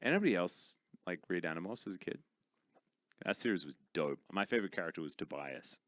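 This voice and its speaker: A man's voice: low-pitched, animated, fairly quick, fairly bright tone, dry recording. A man casting esports, chatting casually and teasing his co-caster with dry humor. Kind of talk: casual chat between co-casters.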